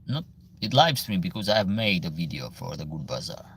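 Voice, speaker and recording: Gravelly low-voiced Albanian man. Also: very animated, background noise. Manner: reads viewer comments aloud and answers in halting, broken English. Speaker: livestream host answering viewer questions. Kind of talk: casual livestream Q&A.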